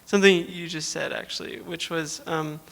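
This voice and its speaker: A man's voice: a little high, fairly even intonation, normal speed, vocal fry, a bit bright. A man in the audience asking a question hesitantly, with many fillers. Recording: long hall reverb.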